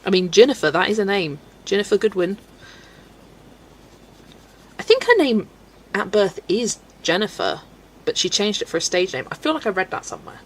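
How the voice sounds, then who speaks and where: A woman's voice: mid-range voice, sing-song, moderate pace, pauses often, slightly rough, poor audio. Chatty laughing woman streamer from Belgium. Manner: chatty, laughs often, stumbles over names. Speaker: livestream host reading chat. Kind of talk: casual livestream chat. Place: home, colouring at a desk.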